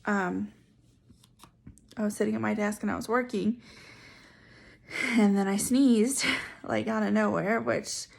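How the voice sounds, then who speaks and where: Chatty young woman with a gravelly voice. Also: medium pitch, steady tone, a little slow, pauses often, darkish tone. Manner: chatty, many fillers and asides. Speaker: vlogger sharing her story. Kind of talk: casual storytelling.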